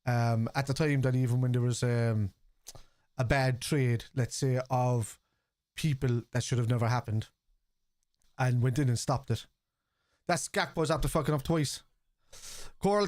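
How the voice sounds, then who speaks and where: A man's voice: mid-range voice, normal speed, a little mellow, no room sound, clean studio sound. Chatty Irish man streaming football. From Ireland. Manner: chatty, swears, reads out chat and reacts to play. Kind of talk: casual live-stream chat.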